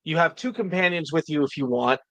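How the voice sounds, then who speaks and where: A man's voice: on the high side, animated, brisk, pushed and bright, no echo. A man guest in a casual chat, eagerly explaining and tripping over his words. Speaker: fan editor, guest.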